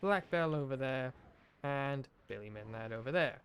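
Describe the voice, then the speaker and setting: A man's voice: medium pitch, expressive, moderate pace, fairly bright tone, clear, resonant tone. A man streaming a game live, reading its text aloud in a put-on accent and talking through what he sees. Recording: background noise over game audio.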